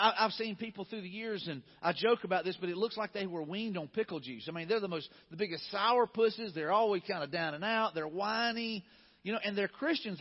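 High-voiced pastor preaching in a reverberant hall. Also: male voice, breathy edge. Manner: conversational preaching, with acted-out quotes. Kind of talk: sermon. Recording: dull sound, long hall reverb.

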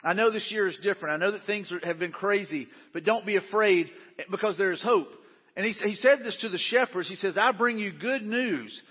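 A man's voice: sits high, fairly quick, breathy edge, in a large hall, muffled recording. A middle-aged male pastor preaching a sermon in an earnest, conversational way, often saying "man" and restarting his sentences.

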